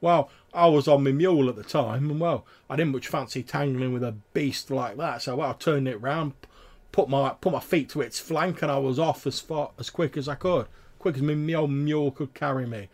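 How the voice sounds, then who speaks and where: A man voicing an excitable rustic male trapper who rambles in folksy dialect. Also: medium pitch, brisk, pitched above the performer's own voice, lightly acted. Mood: excited. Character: boastful rustic male trapper telling a troll tale.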